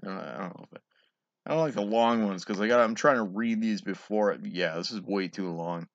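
A man's voice: on the low side, brisk, no room sound. A man casually reading jokes aloud, giggling and swearing between them. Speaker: joke reader. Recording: dull, lo-fi home recording.

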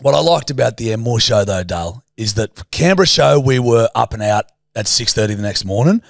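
A man's voice: medium pitch, animated, a little fast, creaky, no echo. A young Australian man co-hosting a podcast, telling sweary stories in casual chat. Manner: sweary, storytelling with put-on voices. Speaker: podcast co-host.

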